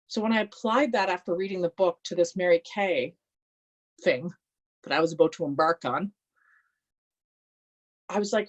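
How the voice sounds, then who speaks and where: A woman from Canada giving a motivational talk, telling a personal story with animated delivery. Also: on the low side, normal speed, long pauses. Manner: animated, acts out quoted voices. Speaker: motivational speaker.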